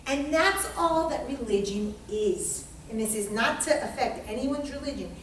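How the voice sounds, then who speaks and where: High-voiced woman teaching, swearing freely. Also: animated, normal speed. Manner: emphatic and profane, swinging from hushed to shouting. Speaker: astrology teacher. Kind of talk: informal lecture to a small class. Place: indoor room with a group. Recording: very echoey room, mic far off, faint hiss.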